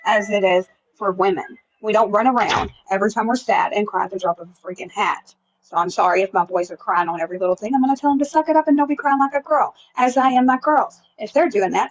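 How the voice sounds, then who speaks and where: A woman with a very high voice speaks bluntly and insistently, as a mother debating online. Her audio sounds dull and lo-fi. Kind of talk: live social media debate.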